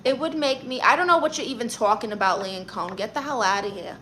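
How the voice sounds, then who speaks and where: A woman's voice: a little high, fairly bright tone, a little hiss or hum, lightly acted. Woman playing a brassy Brooklyn auntie. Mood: sassy. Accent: Brooklyn New York. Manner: sassy, brassy, quick comebacks. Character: brash Brooklyn aunt who plays a self-appointed therapist. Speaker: comedian doing a character livestream. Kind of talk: character comedy livestream reading chat comments.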